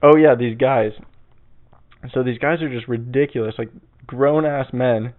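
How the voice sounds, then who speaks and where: A man's voice: medium pitch, a little slow. A man hosting his own podcast in casual chat, rambling and swearing with lots of fillers. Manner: rambling, profane, full of fillers. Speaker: podcast host. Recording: tinny phone-like sound.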